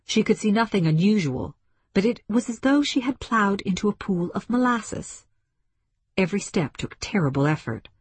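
A woman reading a story aloud as scripted narration, measured and dramatic. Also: mid-range voice, expressive, slightly rough, no echo. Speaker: audiobook narrator.

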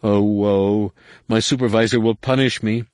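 A man's voice: on the low side, expressive, normal speed, dry recording, pitched above the performer's own voice, lightly acted. A groveling male alien spy pleads and wails in a raised, swooping voice, as a male audiobook narrator puts him on. He plays at abject humility, begging pardon over and over. The sound is dry and close. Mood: wailing. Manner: wailing, self-abasing.

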